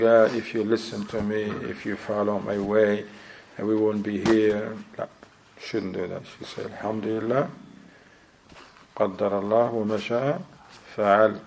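Man, informal sermon, animated storyteller, gravelly voice, faint hiss behind. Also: lowish voice, low-quality recording. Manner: animated storyteller, acts out quotes, sprinkles Arabic phrases. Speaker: Islamic preacher.

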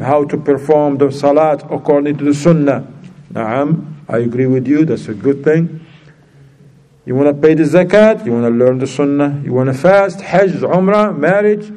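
A man preaching a sermon in a lively way, mixing in Arabic terms and acting out quoted speakers with sudden high jumps in pitch. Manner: non-native phrasing, mixes in Arabic terms.

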